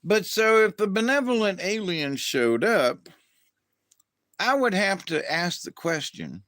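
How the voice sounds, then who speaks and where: Man from the American South hosting a casual livestream, unhurried and rambling, dry close sound. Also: high-pitched, lively intonation, fairly bright tone, no echo. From southern United States. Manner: drawn-out, rambling, with restarts and acted-out quotes. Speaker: livestream host.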